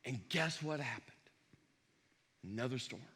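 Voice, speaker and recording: A male pastor preaching a sermon, telling a story with lively acted-out dialogue and sometimes dropping to a hushed intensity. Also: medium pitch, a little slow, breathy edge. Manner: animated storyteller acting out dialogue. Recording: long reverb of a large hall.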